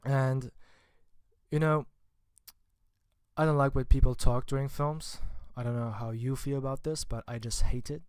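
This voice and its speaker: A man's voice: mid-range voice, steady tone, moderate pace, darkish tone, clear, resonant tone, no echo, studio quality. A man giving a casual spoken film review, chatty and informal with wry asides. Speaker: film vlogger.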